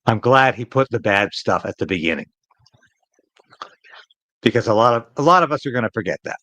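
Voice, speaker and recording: A man's voice: medium pitch, expressive, fairly quick, fairly bright tone, dry recording, rough recording. A man hosting a live political commentary stream, talking in an emphatic, opinionated way and repeating phrases to drive a point home.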